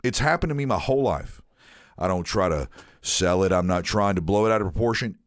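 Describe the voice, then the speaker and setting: A deep-voiced man spinning a long story on a casual podcast. His pitch rises and falls a lot as he acts out the scene, and he swears freely. The sound is close and dry, with no room in it. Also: expressive, brisk, dry recording. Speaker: podcast host.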